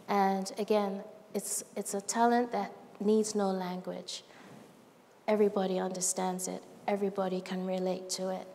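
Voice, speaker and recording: A woman speaks on a stage into a microphone, her voice in a middle register. She talks in a heartfelt, animated way and acts out bits of dialogue as she tells stories. A long hall reverb trails behind her, with a faint hiss underneath. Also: mid-range voice. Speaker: speaker at a live event. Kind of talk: heartfelt public talk. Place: large event stage.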